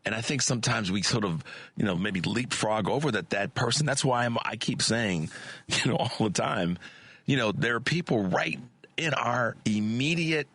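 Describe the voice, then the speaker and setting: A man's voice: medium pitch, moderate pace, slightly rough, no echo. A male radio talk show host with a scratchy voice, reading ads and chatting energetically with lots of restarts. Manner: energetic, many restarts and fillers. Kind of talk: casual radio talk and live ad reads.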